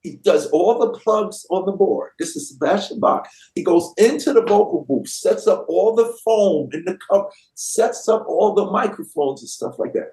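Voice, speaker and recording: 50s guy w a high voice, rapper guest telling a story, does everyone's voices, roomy echo. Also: darkish tone. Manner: acts out quoted voices with lots of slang. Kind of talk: animated storytelling anecdote. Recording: roomy echoey sound.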